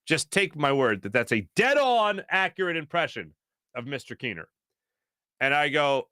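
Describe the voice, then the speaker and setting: A man hosting a casual talk show, rambling through stories with many fillers and animated asides. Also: medium pitch, brisk, smooth, no echo, clean studio sound. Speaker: show host.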